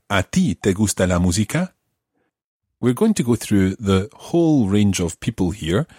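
Low, husky-voiced male language teacher. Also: a little mellow, no echo, clean studio sound. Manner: patient, methodical explaining. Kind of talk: explaining a language lesson.

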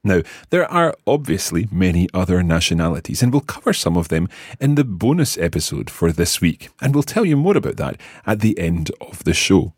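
A man's voice: sits low, big pitch swings, normal speed, few pauses, breathy edge, no room sound, clean studio sound. A Scottish man hosting an audio language lesson, patiently enunciating words for learners to repeat. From Scotland. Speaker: language teacher, podcast host.

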